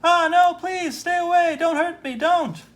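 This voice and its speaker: A timid, stuttering male clerk from an old comic story, pitched high and quavering, as a man puts him on. Every sentence breaks on nervous stammers. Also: unhurried, a bit bright. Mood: terrified.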